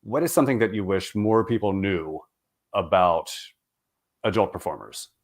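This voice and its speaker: A man with a lowish voice hosts a casual interview. He teases his guest dryly and strings his questions together loosely, adding extra words as he goes. Overall the talk stays relaxed and conversational. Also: normal speed. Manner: teasing, wry, loosely worded questions. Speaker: interview host.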